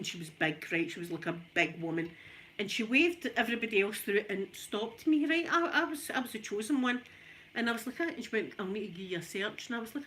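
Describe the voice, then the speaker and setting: A woman's voice: fairly high pitch, a little hiss or hum. Chatty Scottish woman telling stories. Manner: chatty, animated, laughs often. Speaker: ASMR channel host. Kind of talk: casual storytelling while ironing.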